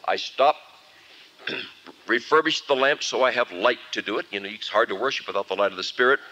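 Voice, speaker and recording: A man's voice: medium pitch, fairly quick, poor audio. A man preaching a sermon at a camp meeting, telling a story and acting out its scenes. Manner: animated storytelling, acts out scenes. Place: camp meeting before a live audience. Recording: archival 1979 camp meeting recording.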